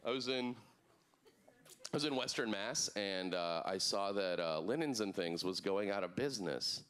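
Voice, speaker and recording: A man doing a stand-up comedy set on a club stage, deadpan with sudden put-on voices in his bits. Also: fairly low pitch, normal speed, clear, resonant tone.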